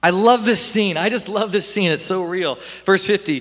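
A young man preaching a sermon in a church hall, animated and acting out Bible scenes in voices. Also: high-pitched, normal speed, hardly any pauses. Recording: long hall reverb.

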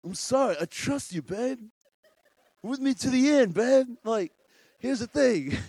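Casting: man playing an easygoing young strongman, relaxed and reassuring, dry close sound. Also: extremely high pitch, a little slow, no room sound, pitched above the performer's own voice, full character voice.

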